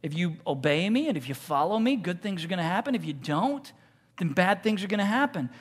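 A pastor preaching a sermon in a lively, joking way, with asides and rhetorical questions put to the congregation. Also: medium pitch, a little fast, long reverb tail.

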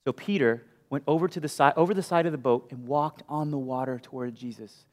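A male pastor preaching a sermon with animated storytelling, moving from loud bursts to hushed asides. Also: mid-range voice, fairly quick. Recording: long hall reverb.

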